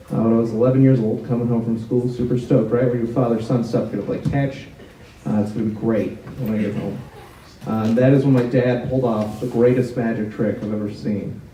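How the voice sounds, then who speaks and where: A young man doing a self-deprecating stand-up set, bantering awkwardly with a college audience. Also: medium pitch. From United States. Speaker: stand-up comedian. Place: college auditorium before a live audience. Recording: far, echoey hall with loud noise.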